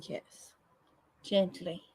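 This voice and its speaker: A woman's voice: drawn-out words, warm tone. A woman hosting a casual livestream, joking and swearing freely as she chats with viewers. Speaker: livestream host.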